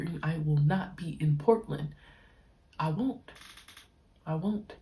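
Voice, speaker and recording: Young woman podcaster, deep low voice, laid-back slangy monologue, drags out words. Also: mellow. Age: young adult. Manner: slangy, stretches key words slowly. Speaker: podcast host, pro basketball player. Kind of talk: casual reflective monologue.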